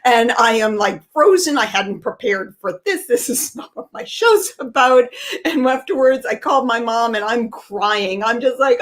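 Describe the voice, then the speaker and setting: Brief: American woman, fifties, animated solo storyteller, self-mocking, a little high-pitched. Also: moderate pace. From United States. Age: 50s. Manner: chatty, self-deprecating, animated.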